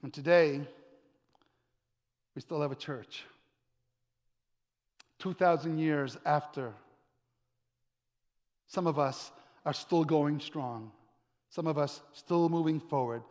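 A male pastor preaching a sermon, dramatic, with emphatic repetition and drawn-out pauses. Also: a little high, darkish tone. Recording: long hall reverb.

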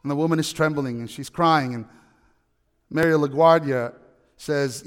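A man preaching a sermon, telling a story with animated, emphatic peaks. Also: on the high side, unhurried, long pauses, smooth, big-room sound. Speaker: pastor.

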